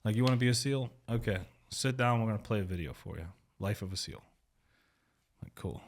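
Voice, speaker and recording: A man's voice: fairly low pitch, a little fast. A young man hosting a casual podcast chat, laid-back and swearing freely as he tells a story.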